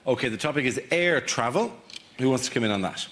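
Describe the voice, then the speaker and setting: A man hosting a panel show, announcing topics briskly and matter-of-factly. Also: medium pitch, lively intonation, very noisy. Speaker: quiz show host. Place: TV studio with a live audience. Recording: loud studio audience, heard from a distance.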